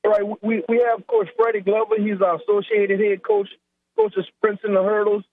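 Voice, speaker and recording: A man with a South Louisiana accent, a head track coach, talking in a relaxed, rambling way and repeating words in a phone-in interview. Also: high-pitched, moderate pace, creaky. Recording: tinny phone line.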